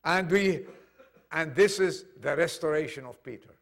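A male preacher delivers a sermon to his congregation in a high-pitched voice. He acts out quoted dialogue with feeling, rising to loud declarations and dropping to near hushes. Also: normal speed, creaky. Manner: impassioned, dramatic swings from loud to hushed. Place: church congregation.

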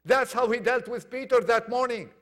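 A man preaching a sermon to a congregation, acting out quoted dialogue and swinging from loud declarations to hushed lines. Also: extremely high pitch, moderate pace. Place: church congregation.

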